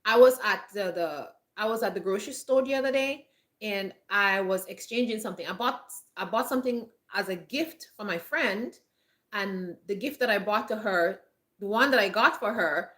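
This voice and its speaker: A woman's voice: mid-range voice, moderate pace, a bit bright. A woman vlogger giving earnest, chatty advice to camera, often repeating herself and restarting her phrases. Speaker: lifestyle vlogger. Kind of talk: casual advice talk to camera.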